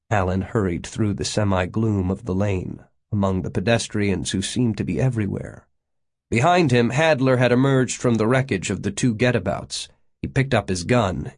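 A man narrating an audiobook in a steady, measured way. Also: fairly low pitch. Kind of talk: audiobook reading.

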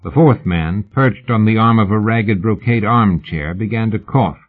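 A man reads a novel aloud in a measured, steady narrating manner. His voice is low and husky. The recording is thin and band-limited, like a phone line. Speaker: audiobook narrator. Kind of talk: scripted narration. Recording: narrow phone-like audiobook sound.

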